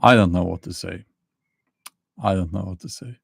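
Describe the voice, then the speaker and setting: A middle-aged man with a Norwegian accent, hosting a casual livestream chat, talking slowly with many fillers and dry laughs. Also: low-pitched, creaky, slightly rough, dry recording. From Norway. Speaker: livestream host.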